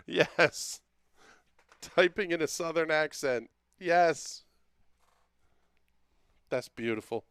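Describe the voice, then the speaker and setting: A man's voice: fairly high pitch, very slow, pauses often, smooth, no echo, clean studio sound. A man hosting a casual livestream, joking as he reads out viewer comments and talks to them by name. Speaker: livestream host.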